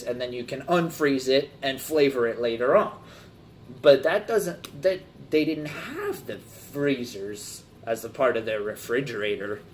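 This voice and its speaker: A man's voice: medium pitch, slight background noise. A man preaching a casual sermon, talking through everyday examples with rhetorical questions and acting out little scenes. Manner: animated, acts out customers in jumpy voices.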